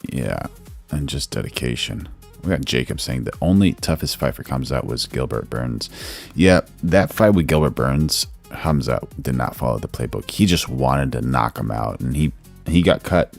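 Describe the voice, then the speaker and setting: Very deep gravelly live-stream host. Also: male voice, expressive, normal speed, faint music behind. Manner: laid-back, says bro a lot. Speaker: livestream host. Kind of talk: casual live-stream chat reading the chat.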